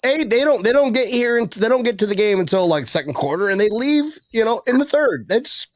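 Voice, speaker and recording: A man hosting a casual podcast with a high, bouncy voice that leaps all over the place. He jokes and laughs with his guests. The sound is dry and close. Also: a little fast, no room sound. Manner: animated, joking, laughs often. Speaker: podcast host.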